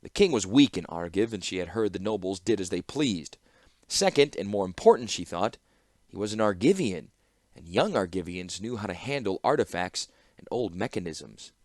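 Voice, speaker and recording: A man narrating a fantasy audiobook with expressive storytelling. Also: sits low, moderate pace, no room sound, clean studio sound. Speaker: audiobook reader.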